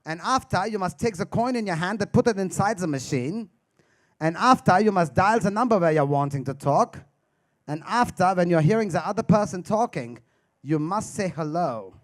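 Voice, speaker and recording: A man's voice: sits high, animated, moderate pace, pitched below the performer's own voice. A man voicing a precise German man who lists stiff step-by-step instructions in a mock German accent. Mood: instructive.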